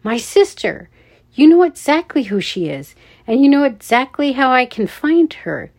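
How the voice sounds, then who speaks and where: A woman's voice: animated, slow, exaggerated voice. A woman voicing a young boy scout, frightened but brave, speaking in a raised, urgent voice. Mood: furious. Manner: urgent, high-pitched.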